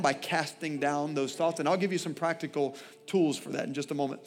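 A male pastor preaching a sermon, swinging from loud, impassioned declarations to quiet, intimate asides. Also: on the high side, fairly even intonation, a little fast, soft background music.

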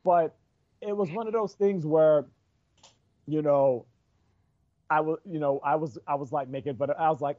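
Man, comedian, somewhat high voice, mellow tone, rambling, dry dull lo-fi recording. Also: normal speed, long pauses, no echo. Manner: rambling storyteller, many restarts. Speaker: stand-up comedian. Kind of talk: casual chat.

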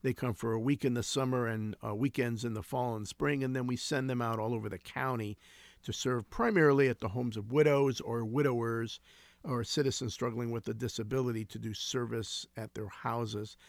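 A man's voice: mid-range voice, steady tone, moderate pace, dry recording. A man in his sixties, a ministry founder, telling stories in an earnest, reflective way during an interview. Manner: earnest, reflective, with frequent restarts. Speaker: guest, founder of a homeless ministry. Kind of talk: conversational interview storytelling.

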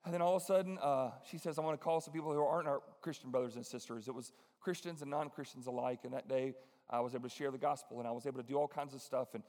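A man preaching a sermon, telling a story with lively acted-out voices. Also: mid-range voice, racing, big-room sound. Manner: animated storytelling, acts out voices.

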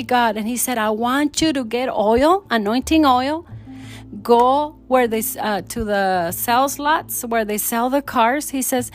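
A middle-aged woman telling a personal faith testimony in a storytelling way, acting out the voices of the people in it. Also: a little high. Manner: animated, acts out quoted dialogue. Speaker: testimony speaker.

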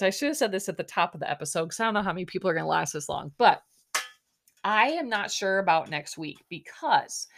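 A woman's voice: mid-range voice, fairly bright tone. A woman hosting a podcast, recapping a dating show in casual chat, exasperated and sarcastic with lots of fillers. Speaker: podcast host.

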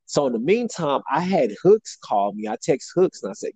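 A man's voice: medium pitch, normal speed, few pauses, slightly rough, no echo, low-quality recording. A young man casually telling a story, animatedly acting out the people he quotes. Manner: animated, acts out quotes with shifting voice.

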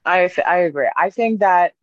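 A woman's voice: fairly low pitch, normal speed, dry recording, lo-fi sound. A woman co-hosting a podcast, telling stories in a chatty, playful way with lots of fillers. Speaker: podcast co-host. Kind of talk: casual chat.

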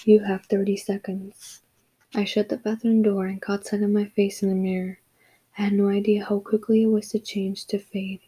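Flat, husky woman reading aloud. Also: medium pitch, brisk, rough recording. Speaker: audiobook narrator. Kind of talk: scripted narration.

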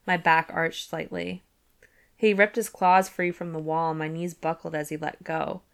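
A woman's voice: low-pitched, flat delivery, normal speed, vocal fry, clean tone. A woman hosting a book club podcast, chatting casually with giggly asides and reading passages aloud.

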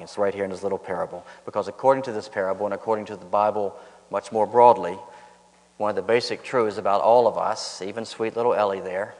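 Low-voiced man preaching in a hall. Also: a little mellow. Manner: storytelling, emphatic repetition, rises on punchlines. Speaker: pastor. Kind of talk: sermon. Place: church sanctuary.

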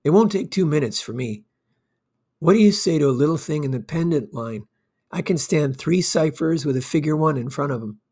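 A man's voice: a little high, lively intonation, moderate pace, a little mellow, slightly rough. A man reading a cheerful, airy young heir. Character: careless, light-hearted young gentleman heir.

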